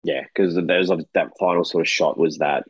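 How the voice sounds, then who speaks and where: A man co-hosting a casual film podcast, relaxed and chuckling as he talks it through. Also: sits low, fairly quick, breathy edge, dry recording, dull audio. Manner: relaxed, laughs often, many fillers. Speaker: podcast co-host.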